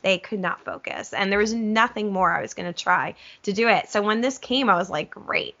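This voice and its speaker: A middle-aged woman music teacher demonstrating a curriculum in an enthusiastic webinar, animated and gushing, with self-aware asides. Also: mid-range voice, fairly quick, dull audio.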